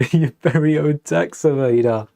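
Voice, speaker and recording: A man's voice: a little high, creaky, mellow. A young man hosting a casual live stream, chatting and thinking aloud while building, often correcting himself mid-sentence.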